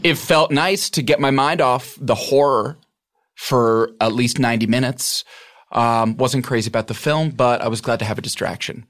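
A man guesting on a comedy podcast, spinning a rambling improvised anecdote in an earnest deadpan manner. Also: mid-range voice, normal speed.

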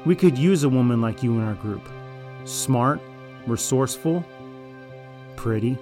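A man's voice: mid-range voice, expressive, a little slow, darkish tone, faint music behind, lightly acted. A man voicing a manipulative male raider in an audio drama, falsely friendly and then arrogant and threatening. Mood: smug, menacing. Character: smug, deceitful male raider, manipulative and menacing.

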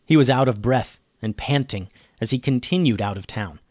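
A man narrating a children's story in a playful, animated way as a podcast host. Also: medium pitch, moderate pace, no echo, studio quality.

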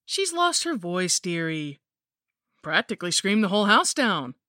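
A woman's voice: medium pitch, big pitch swings, measured pace, bright, forceful tone, no echo, studio quality, pitched above the performer's own voice. A woman voicing a cruel, cackling old mother-in-law with a sugary, cooing manner.

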